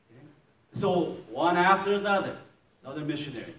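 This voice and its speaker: Speaking on the high side and fairly quickly, a Maryland pastor delivers his testimony in a sermon as lively storytelling, acting out scenes and laughing often. A distant mic captures roomy echo and faint noise.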